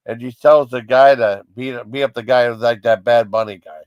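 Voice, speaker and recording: A man's voice: medium pitch, steady tone, normal speed, a little mellow, no echo. Guy reviewing TV sketches in a loose, rambling, giggly way; dry, close-sounding recording. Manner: rambling, with many fillers and giggly asides. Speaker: TV comedy show reviewer. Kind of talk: casual chat.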